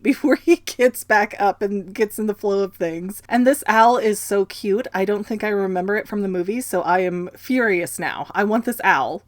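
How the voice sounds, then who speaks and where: A woman's voice: mid-range voice, dry recording. Woman host, casual book-recap chatter, opinionated, dry close-mic sound. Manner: chatty, opinionated, plays the characters in quick quotes.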